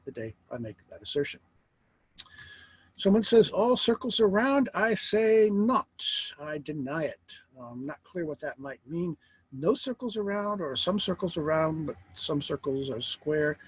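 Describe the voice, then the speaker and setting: A middle-aged man lectures on philosophy with a wry, animated delivery, his voice swinging widely in pitch and sitting a little high for a man. He poses rhetorical questions as he goes. Faint noise hums behind him. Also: low-quality recording. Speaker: philosophy teacher.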